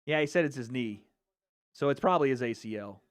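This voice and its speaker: An American man hosting a live fight watch party, reacting with loud, excitable exclamations. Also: medium pitch, a little fast, no room sound. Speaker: livestream host.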